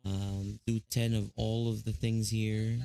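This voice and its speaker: Slow, gravelly Filipino male streamer. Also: on the low side, level tone, dark tone. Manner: rambling, many fillers and restarts. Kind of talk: casual live-stream chat.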